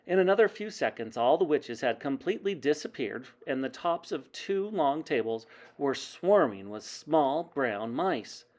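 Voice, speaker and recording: Animated male storyteller with lively pitch. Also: measured pace, few pauses. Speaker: teacher reading aloud. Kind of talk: reading a children's book aloud.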